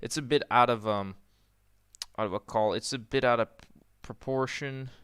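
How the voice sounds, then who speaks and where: A man's voice: mid-range voice, normal speed, fairly bright tone, clear, resonant tone, no room sound, studio quality. A young man from the Netherlands commentating casually on his own game livestream, rambling, trailing off and restarting his sentences. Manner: rambling, trails off and restarts while fiddling with settings. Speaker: gaming streamer.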